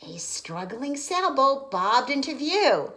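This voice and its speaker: A woman's voice: high-pitched, big pitch swings, slow pace, a bit bright, rough recording. A woman reading a picture book aloud to preschoolers, explaining words and asking questions. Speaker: preschool story reader. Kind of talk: children's read-aloud lesson.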